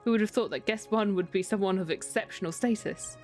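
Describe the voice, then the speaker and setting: A woman's voice: medium pitch, a little fast, a little mellow, soft background music. A British woman streaming a game, reading dialogue aloud and giggling between lines. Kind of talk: casual game stream commentary.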